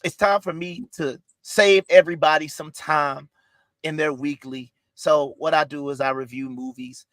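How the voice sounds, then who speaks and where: A man hosting a podcast in mock-trial style, theatrical and halting, with playful mock outrage. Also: on the high side, fairly even intonation, a bit bright, no echo. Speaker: podcast host.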